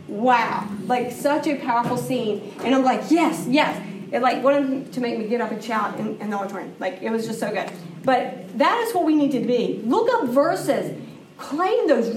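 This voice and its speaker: Middle-aged woman, church teacher, earnest chatty delivery, fairly high voice, distant mic, echo and room noise. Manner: earnest, conversational, emphatic. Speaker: women's class teacher.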